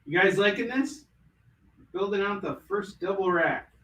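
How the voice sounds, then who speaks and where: A man's voice: high-pitched, unhurried, fairly bright tone. A man running a live comic book sale, full of puns and jokey sales patter.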